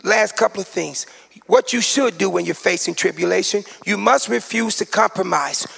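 A man in his forties preaching in a very high, bright, gravelly voice. He rises into sing-song shouted peaks and drops into funny asides. Long reverb from a large church hall hangs behind every phrase. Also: normal speed. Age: 40s. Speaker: pastor. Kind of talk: sermon.

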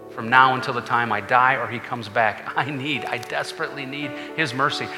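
A man's voice: a little high, echoey room, big-room sound. A male pastor preaching a sermon to his congregation in a conversational way, with frequent asides to the listeners. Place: church sanctuary.

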